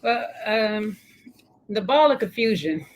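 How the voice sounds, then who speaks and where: A woman's voice: mid-range voice, expressive, slow. Female panelist, playful and reassuring. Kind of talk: casual podcast chat.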